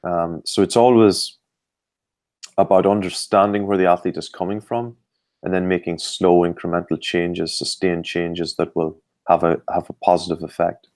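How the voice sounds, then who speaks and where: Man, Irish accent, middle-aged, very low voice, dry sound, measured, explanatory. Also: level tone, a little mellow, no echo. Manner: measured, explanatory, frequent fillers. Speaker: performance coach, guest. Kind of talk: interview answers.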